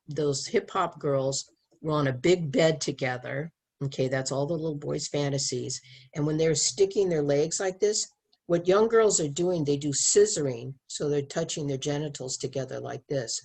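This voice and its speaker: A middle-aged woman with a low, husky voice talks in a casual conversation. She is earnest and animated, often restarting her sentences. Her stories come from her work as a sex educator. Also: a little slow.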